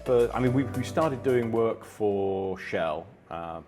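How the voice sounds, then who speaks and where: A man, a company co-founder, reminiscing in a relaxed storytelling way, with many fillers and restarts. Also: on the low side, slow. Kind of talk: anniversary reminiscing. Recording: music playing under the voice.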